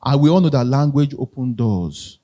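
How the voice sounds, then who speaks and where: A man's voice: mid-range voice, expressive, normal speed, warm tone. A man with a Nigerian accent giving a live motivational talk, conversational, repeating phrases and asking the audience questions. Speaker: motivational speaker.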